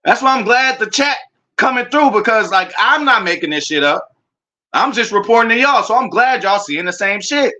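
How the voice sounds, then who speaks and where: A man streaming a casual, excitable reaction to his football team's draft picks, full of slang and talking straight to his chat. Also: sits high. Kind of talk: casual live reaction commentary.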